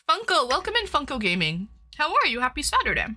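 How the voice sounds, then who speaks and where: A woman's voice: high voice, huge pitch swings, fast, pushed and bright. A woman from Toronto hosting a casual livestream, greeting viewers by name in a bubbly, chatty way, her nose running from hot sauce. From Toronto, Canada. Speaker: livestream host.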